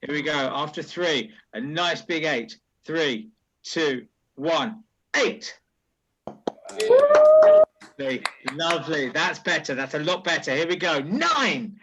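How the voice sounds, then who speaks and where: A man's voice: on the high side, expressive, slow pace, long pauses, bright, forceful tone, low-quality recording. A man compering a comedy gig in a jokey way, coaxing the crowd into rounds of applause. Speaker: compère. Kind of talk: stand-up compering.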